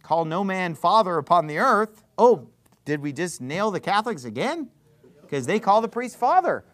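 A man's voice: high-pitched, very animated, moderate pace, a bit bright. A man preaching a sermon, full of rhetorical questions and sarcastic jabs. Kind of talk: fiery street-preacher sermon.

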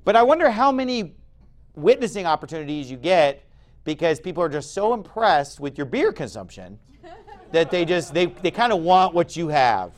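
A pastor in his forties delivers a sermon in a notably high voice. His pitch leaps and falls across a wide range, and his talk stays conversational, breaking into loud, punchy emphasis. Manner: emphatic, conversational preaching with sudden loud bursts.

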